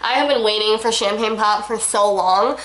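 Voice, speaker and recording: A woman's voice: mid-range voice, normal speed, fairly bright tone. A young woman reviewing makeup in a casual, gushing, chatty way, talking straight to her viewers. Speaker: beauty vlogger. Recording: echoey room.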